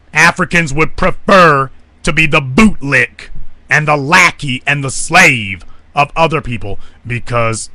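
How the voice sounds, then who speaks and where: A man delivering a confrontational monologue broadcast as commentator, forceful and ranting. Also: medium pitch, dry recording. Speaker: online commentator.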